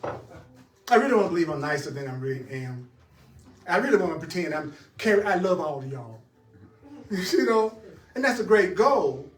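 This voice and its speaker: A man's voice: a little high, sing-song, normal speed, pauses often, roomy sound, far from the mic. A man teaching a spiritual class, talking straight to his audience with emphasis and frequent laughter.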